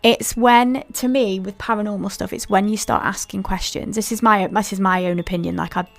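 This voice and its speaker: A woman's voice: mid-range voice, steady tone, a little fast, vocal fry. A woman hosting a podcast, telling a paranormal story in a chatty way and talking straight to her listeners with asides. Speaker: podcast host.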